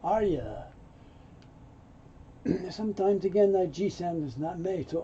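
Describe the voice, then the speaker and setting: High husky guy teaching english sounds, very dark mellow tone, acts out the lines. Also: moderate pace, slight background noise. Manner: acts out example lines in an offended tone. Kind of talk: explaining spoken English sounds. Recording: dull lo-fi sound.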